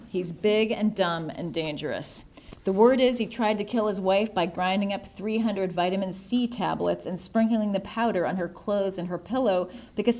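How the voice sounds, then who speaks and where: A woman narrating a novel in the first person, wry and measured. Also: mid-range voice, darkish tone. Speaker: audiobook narrator.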